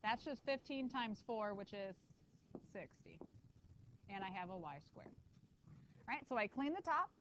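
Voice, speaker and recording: A woman math teacher lecturing a classroom, lively and quick with asides to her students. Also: mid-range voice, dull audio, background noise.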